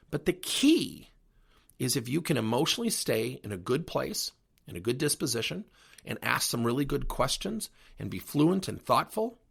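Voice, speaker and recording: A man's voice: medium pitch, vocal fry, slightly rough. A middle-aged man hosting a coaching podcast, telling stories and acting out conversations as he goes. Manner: animated storytelling with acted-out dialogue. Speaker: podcast host and workplace coach. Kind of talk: solo podcast monologue.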